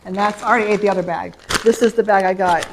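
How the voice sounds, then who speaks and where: A woman's voice: medium pitch, steady tone, fast talker, noisy background. A middle-aged woman, chatting casually at home on camera about a shopping haul, rambling from story to story. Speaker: vlogger. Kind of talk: casual haul vlog chat. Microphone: camera mic.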